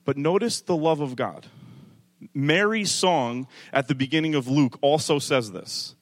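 A male pastor preaching a sermon, moving from calm teaching to rising, emphatic delivery, with conversational asides to the congregation. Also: a little slow. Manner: builds from calm teaching to loud, high-pitched preaching.

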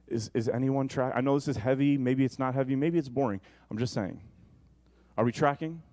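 A man preaching a sermon, animated and conversational, often asking the congregation questions. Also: mid-range voice, fairly quick.

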